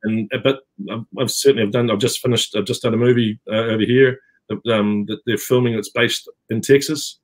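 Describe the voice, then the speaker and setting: A man's voice: medium pitch, fairly even intonation, fairly quick. A middle-aged man with a New Zealand accent, talking casually on a video call with many fillers and restarts. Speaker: actor guest. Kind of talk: casual interview chat.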